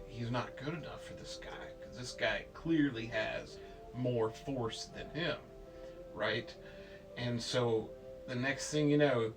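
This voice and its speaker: A man telling a child an improvised bedtime story, playful and rambling, with silly sound effects. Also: medium pitch. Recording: distant mic with faint music.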